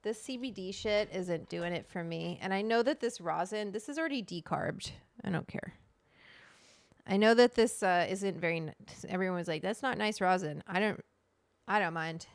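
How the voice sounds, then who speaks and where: A woman's voice: medium pitch, normal speed, no room sound. A woman hosting a livestream, chatting casually, greeting viewers by name and swearing freely. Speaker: livestream host.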